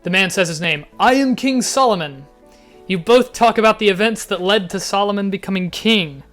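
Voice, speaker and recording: A man casually commenting as he reads a text adventure game aloud, getting excited and laughing often. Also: high voice, a little fast, soft background music. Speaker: gaming YouTuber.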